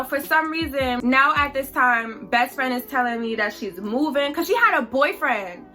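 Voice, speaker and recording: Young woman vlogging a storytime, high voice, slangy and chatty, soft music under it. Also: expressive, moderate pace, hardly any pauses. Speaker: YouTuber telling a story. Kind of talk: casual storytime vlog.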